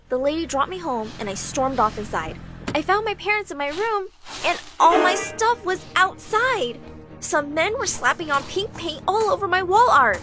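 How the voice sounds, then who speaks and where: Casting: young woman, expressive storytime narrator, high lively voice, faint music underneath. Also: normal speed. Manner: dramatic, expressive. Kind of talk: first-person storytime narration.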